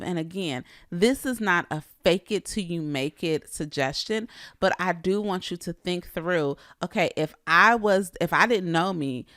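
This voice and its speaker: A woman coach talks straight to her audience in a low voice. Her tone has a gravelly edge, and the sound is dry, with no room echo. She keeps asking her listeners direct questions. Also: fairly bright tone. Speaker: real estate coach. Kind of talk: coaching talk to agents.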